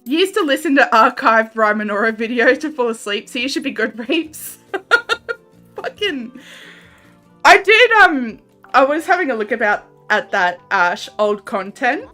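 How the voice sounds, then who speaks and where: Aussie girl streaming a game, laughs a lot, reads chat, kinda high bright voice. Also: big pitch swings, measured pace, soft background music. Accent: Australian. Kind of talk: casual gameplay livestream chat.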